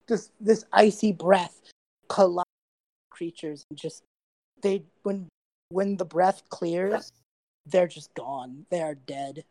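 A woman narrating a tabletop game as game master, relaxed and chatty, slightly losing her voice. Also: fairly low pitch, takes it slowly, pauses often, no echo. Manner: relaxed narration with frequent fillers and laughs.

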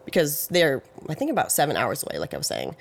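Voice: medium pitch, huge pitch swings, fast talker, vocal fry. Chatty, hedging true-crime podcast host. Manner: loose and chatty, full of "like" and "you know"; hedges facts with "I think" and "I believe". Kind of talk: casual true-crime retelling.

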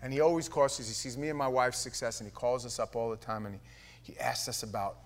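A man in his fifties from New York, preaching a sermon in a loose, conversational storytelling way that swells into loud, shouted punchlines. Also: medium pitch, steady tone, fairly quick. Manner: conversational, frequent restarts and fillers.

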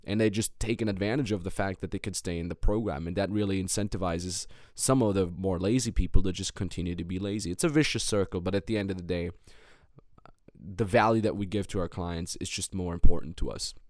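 A man's voice: low voice, a little fast, a little mellow, dry recording, studio quality. A man hosting a business coaching podcast, talking in a blunt, heated monologue. He swears a lot and repeats words and restarts when worked up.

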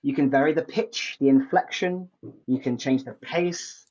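A man hosting an interview podcast, speaking calmly as he sums up points and asks questions. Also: medium pitch, normal speed. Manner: calm, summarizing, asks questions. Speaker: podcast host. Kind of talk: conversational interview. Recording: dull lo-fi mic.

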